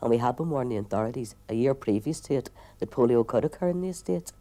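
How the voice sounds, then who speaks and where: A woman with a Belfast accent, a community campaigner speaking earnestly and haltingly in a documentary interview. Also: extremely low pitch, lively intonation, mellow.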